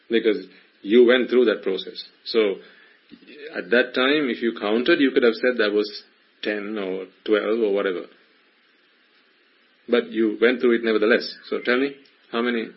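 A man's voice: fairly low pitch, steady tone, normal speed, pauses often, breathy edge, highs cut off. A man giving a Buddhist teaching to a small group, questioning his listeners in a playful, probing way. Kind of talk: Dhamma talk to a small group.

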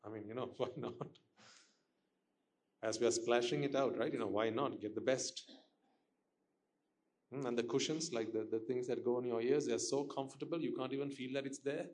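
A man's voice: medium pitch, steady tone, moderate pace, long pauses, a little mellow. A man giving a Buddhist dharma talk to listeners, questioning them and repeating his points for emphasis. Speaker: Buddhist teacher.

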